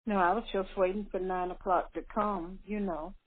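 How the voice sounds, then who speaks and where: A woman's voice: medium pitch, fairly even intonation, moderate pace, slight background noise. A woman chatting on a live stream call, rambling and repeating herself, trailing off mid-thought. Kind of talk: casual phone chat. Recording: tinny phone line.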